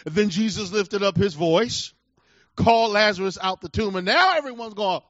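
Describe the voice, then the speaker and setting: A middle-aged male preacher with a high voice tells a personal story in his sermon. He is emphatic and swings from loud bursts to quiet asides. The sound is dry, dull and lo-fi. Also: lively intonation, normal speed, dry recording. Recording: dull lo-fi recording.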